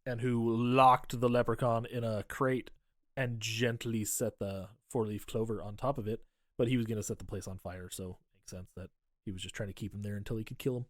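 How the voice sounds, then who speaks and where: A man's voice: on the low side, fairly even intonation, dry recording, clean studio sound. Sardonic, profane man recapping a movie. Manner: profane, sardonic recapping with quick voices for characters. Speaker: podcast co-host. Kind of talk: casual movie recap chat.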